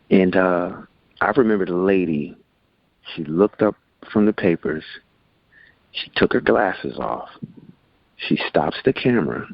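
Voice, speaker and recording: A man's voice: low voice, no room sound. A man in his forties telling stories casually as an interview guest, acting out the people in them. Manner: animated, acts out quotes in voices. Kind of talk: casual storytelling. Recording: dull lo-fi sound.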